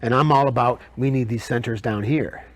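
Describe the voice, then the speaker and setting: An earnest man guest talking in a kava bar, with a middle-pitched voice. He stumbles and repeats words as he works through his thoughts. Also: dry recording. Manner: halting, repeats words often while searching for phrasing. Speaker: guest, herbal medicine maker. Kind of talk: casual interview conversation.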